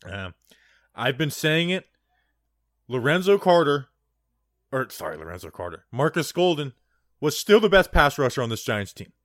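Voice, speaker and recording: A man's voice: mid-range voice, big pitch swings, normal speed, long pauses, no echo, studio quality. Rambling man on a casual sports podcast. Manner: rambling, digressive, heavy on "like". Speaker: podcast co-host.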